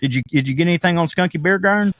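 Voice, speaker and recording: A man's voice: on the high side, rapid-fire, a bit bright, no echo. A man, co-hosting a podcast in casual, profane chat, telling stories and laughing often. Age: 30s. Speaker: podcast co-host.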